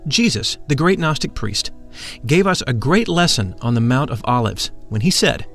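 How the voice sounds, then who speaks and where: A man narrating a script in a measured, solemn voice, at an ordinary mid pitch. Faint music plays quietly behind him. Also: expressive.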